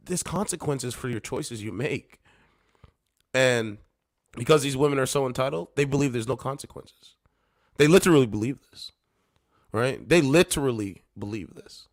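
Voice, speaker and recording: A man reacting to clips with animated, mocking commentary, hoarse from losing his voice. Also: mid-range voice, normal speed, pauses often. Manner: animated, mocking, laughing, does loud mock voices. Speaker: commentary streamer.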